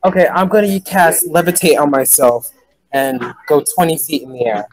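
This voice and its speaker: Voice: mid-range voice, moderate pace, low-quality recording. A player in a casual tabletop game, thinking aloud and counting dice with fillers.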